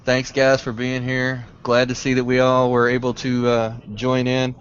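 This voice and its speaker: A relaxed man jokes along as a remote guest on a casual webcast. His voice is smooth and clear at a medium pitch. The audio is dull and lo-fi. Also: normal speed. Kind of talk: casual chat.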